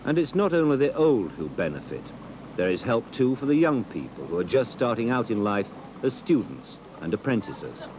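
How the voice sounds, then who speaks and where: A man narrating a documentary in a measured, expressive way. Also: mid-range voice, background noise. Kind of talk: scripted narration.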